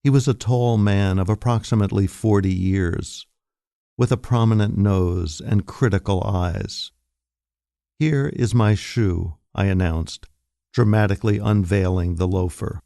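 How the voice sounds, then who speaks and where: A man reading a short story aloud in a slow, deliberate, wry manner, recorded at a studio microphone. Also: low voice, steady tone, dark tone, clean tone, no room sound. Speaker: reader. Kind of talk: scripted narration of short fiction.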